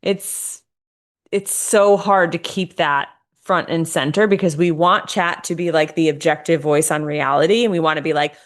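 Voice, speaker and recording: A woman's voice: low-pitched, fairly even intonation, moderate pace. A woman co-hosting a podcast in casual chat, explaining ideas at length in a reflective way. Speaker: podcast co-host.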